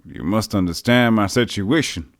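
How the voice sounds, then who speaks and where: A man voicing a chuckling, grieving and treacherous male town mayor in a low, hushed, brooding way. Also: normal speed, no echo, studio quality, lightly acted. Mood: mournful.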